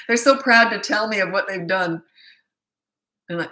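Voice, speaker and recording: A woman's voice: mid-range voice, measured pace, pushed and bright. A middle-aged woman parenting coach answering questions bluntly, with no filter and a habit of laughing at herself. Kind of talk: live Q&A answering viewer questions.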